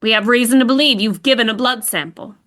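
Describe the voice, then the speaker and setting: A woman's voice: fairly high pitch, fast, pushed and bright. A woman voicing a stern male British police detective with formal, firm questioning.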